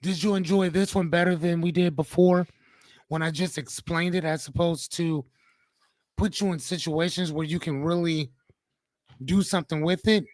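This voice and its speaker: A man hosting a live coaching stream, reading viewer comments and answering them in an animated, joking, slangy way. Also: on the high side, normal speed, no echo. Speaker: host and coach.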